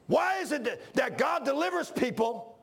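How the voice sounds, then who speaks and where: Man preaching a shouted, folksy sermon; high, raspy-edged voice. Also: lively intonation, moderate pace. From Washington, D.C. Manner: fervent, often shouting; folksy, says "man" a lot.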